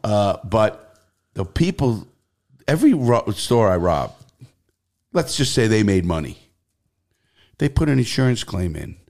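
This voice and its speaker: A man's voice: on the low side, unhurried, pauses often. A middle-aged man with a New York accent, telling stories bluntly as a podcast guest, swearing freely. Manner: profane, animated, blunt. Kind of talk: casual interview storytelling.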